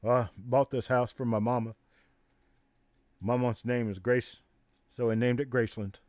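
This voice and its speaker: A drawling, crooning rock-and-roll king with an unhurried swagger, as a man puts him on. The delivery is slow and stretched. The sound is close and dry. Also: mid-range voice, fairly even intonation, a little mellow, no room sound, natural voice. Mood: boastful. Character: impression of a famous male rock-and-roll singer.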